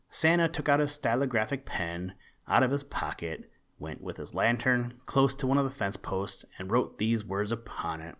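A man reads a story aloud in a measured, expressive way. His voice sits fairly low. The reading is steady and clear. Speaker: narrator.

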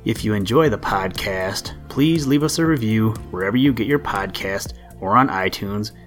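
Podcast guy reading a kids story out loud, low-ish voice, calm and measured. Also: soft background music. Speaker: podcast host and story reader. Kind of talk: storybook read-aloud narration.

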